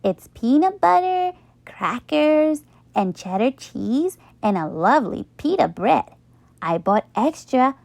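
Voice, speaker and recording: A woman voicing a cheerful young schoolgirl who is proud of her unusual sandwiches, speaking high and insistent. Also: very animated, takes it slowly, gravelly, a little mellow, no echo, heavily acted.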